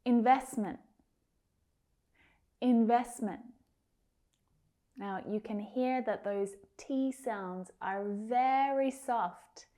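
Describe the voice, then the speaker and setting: A woman leads a pronunciation lesson at an unhurried pace. Her voice is mellow and soft. She over-articulates each word and repeats it patiently, sometimes dropping to a whisper. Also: a little high. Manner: carefully over-articulated, drilling single words. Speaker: English pronunciation teacher. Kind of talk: slow, deliberate pronunciation lesson.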